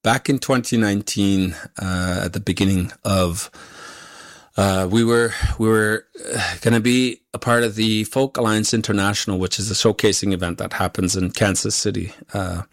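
Man, very low voice, monotone delivery, halting with lots of fillers, dry sound. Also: no room sound. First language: Inuktitut. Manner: halting, many pauses and fillers. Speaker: guest musician. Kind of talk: conversational interview answer.

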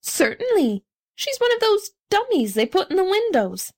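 A woman voicing a middle-aged gentleman in a crowd who declares things emphatically. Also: very high-pitched, big pitch swings, moderate pace, voice pushed up. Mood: emphatic. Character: excited middle-aged male bystander.

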